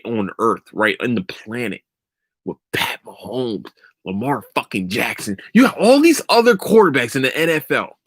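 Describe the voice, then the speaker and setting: A young man on a podcast mic, ranting about sports with heated sarcasm and lots of swearing. His pitch swings widely as he jumps around. The sound is dry and close, with no room in it. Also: fairly bright tone, no room sound. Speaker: podcast host. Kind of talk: casual sports rant.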